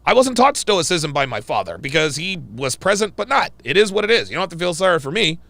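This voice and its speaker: A man hosts a livestream in an emphatic storytelling voice and hammers his points home through repetition. His voice sits a little high, with a gravelly edge. The sound is dry and close, with no room echo. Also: quick pace. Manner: animated, emphatic storytelling with repeated phrases. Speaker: livestream host. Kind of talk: livestream commentary.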